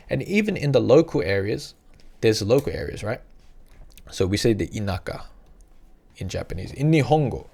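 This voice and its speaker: A chatty man gives loose, rambling travel tips straight to the camera, with a gravelly edge to his voice. He sits at an everyday middle pitch, repeats himself often, and slips into a higher voice to act out little scenes. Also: a little mellow. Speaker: travel vlogger. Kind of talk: casual advice to camera.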